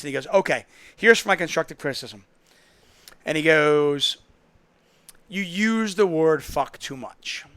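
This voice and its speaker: A man's voice: a little high, vocal fry, bright, forceful tone, smooth, no echo. A man hosting a casual call-in poker podcast, telling stories in a chatty, rambling way. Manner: chatty, storytelling, self-interrupting. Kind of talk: casual solo call-in show talk.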